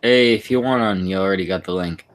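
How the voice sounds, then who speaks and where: A man's voice: low voice, fast. A man co-hosting a stream, bantering crudely and rambling with lots of fillers. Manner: rambling, many fillers and restarts. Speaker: stream co-host.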